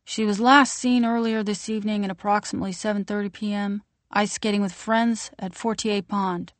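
A woman reading aloud, voicing a television news anchor who delivers a missing-person bulletin in a slow, measured way. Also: medium pitch, steady tone, no echo, natural voice. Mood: formal.

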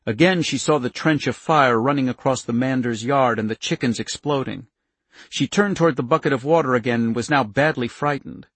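Man, audiobook narration, husky, dry close sound, measured. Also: mid-range voice, a bit bright, dry recording.

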